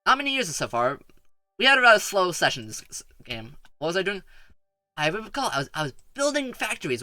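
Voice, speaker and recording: A man with a high, strikingly bright and tense voice rambles through casual gameplay commentary, stumbling and repeating words as he talks to his viewers. The sound is dry and close, with faint music underneath. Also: no echo. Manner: rambling, stuttering, chatty with viewers. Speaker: streamer.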